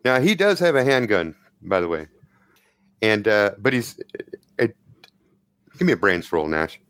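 A man's voice: lowish voice, very animated, measured pace, a bit bright, dry recording, studio quality. A man narrating as game master of a tabletop role-play game, in a casual, profane, descriptive way.

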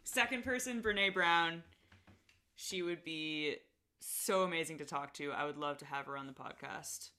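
Young woman yapping about her podcast, kinda low but bright sounding, says like a lot. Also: unhurried. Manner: chatty, lots of "like", laughs often. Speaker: podcast host as guest. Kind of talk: casual interview chat.

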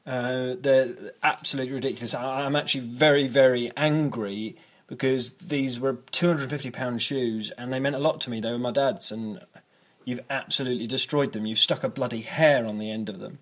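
A man's voice: mid-range voice, steady tone, a little fast, natural voice. An actor playing an upset male customer who complains and stammers. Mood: angry. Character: aggrieved male customer, upset over ruined shoes. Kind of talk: comedy sketch acting.

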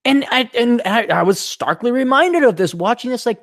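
Very high in pitch and moderately paced, this man's voice comes through clean studio sound with no room reverb. Hosting a podcast, he delivers a casual ranting monologue, swearing, sounding indignant, and lampooning characters with mocking voices.

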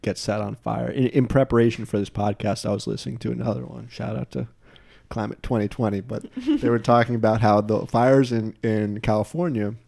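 A man's voice: medium pitch, fairly quick, vocal fry, warm tone. A young man from New Jersey hosting a podcast in casual chat, rambling and restarting words as he goes. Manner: rambling, self-interrupting with repeated words. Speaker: podcast host.

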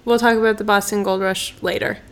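A woman's voice: mid-range voice, flat delivery, a little fast. Woman co-host asking teasing questions. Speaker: podcast co-host. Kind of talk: casual chat.

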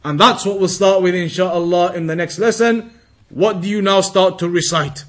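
A man teaching a religious lesson, reading Arabic text quickly and then explaining it slowly, drawing out words to demonstrate pronunciation. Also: high-pitched, steady tone, fairly bright tone. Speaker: Islamic teacher.

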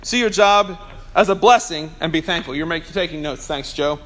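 A man with a notably high-pitched voice preaches to his congregation in a church. He keeps it conversational, teasing people in the pews and asking for an amen now and then. His tone is that of a pastor chatting from the pulpit more than an orator. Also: moderate pace, a bit bright. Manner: calls for amens from the congregation. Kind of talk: sermon.

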